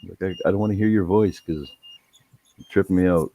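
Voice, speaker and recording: Man, very deep voice, casual chat, rambling storyteller, lots of swearing. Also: a little fast, pauses often, darkish tone, slight background noise. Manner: rambling, heavy swearing, laid-back.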